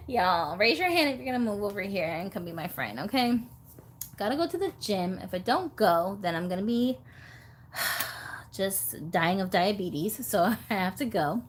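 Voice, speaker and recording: A woman's voice: mid-range voice, very animated, a little slow, a little hiss or hum. A woman hosting a casual live stream about doll collecting, chatty and giggly.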